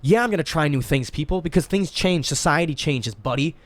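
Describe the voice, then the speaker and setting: A man's voice: a little high, lively intonation, fairly quick, dry recording. A man in his twenties hosting a podcast in casual chat. He talks emphatically and swears freely. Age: 20s. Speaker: podcast host.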